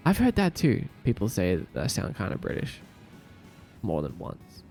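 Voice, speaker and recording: A man's voice: fairly low pitch, wildly swooping pitch, normal speed, darkish tone, faint music behind. A man from Australia with an Australian accent, chatting casually on a livestream, laid-back and laughing often as he repeats words aloud. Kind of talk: casual chat reading viewer comments.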